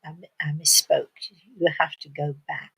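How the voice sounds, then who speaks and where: A woman voicing a gentle, motherly woman spirit who softly and haltingly tells a child she must go back. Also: deep voice, flat delivery, vocal fry, slightly rough, voice pushed down, full character voice, rough recording. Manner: soft, hushed, halting, kind.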